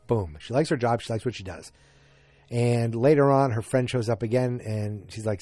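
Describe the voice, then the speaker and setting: Male podcast host, casual recap, halting and rambling delivery, dry close sound. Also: medium pitch, warm tone, dry recording. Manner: rambling, halting, many fillers and restarts.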